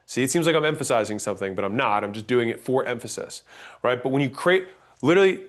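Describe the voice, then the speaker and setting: Man, sales trainer, slightly high-pitched, emphatic, blunt, demonstrative. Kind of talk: instructional talk on sales tonality.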